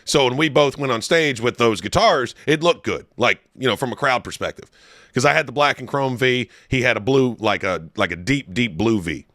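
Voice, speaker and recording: Lively bright-sounding young dude on a comedy podcast, swears constantly, dry close mic. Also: male voice, mid-range voice, moderate pace, no room sound. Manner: animated storyteller, swears a lot, breaks into laughs. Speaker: podcast co-host. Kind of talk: crude comedic podcast banter.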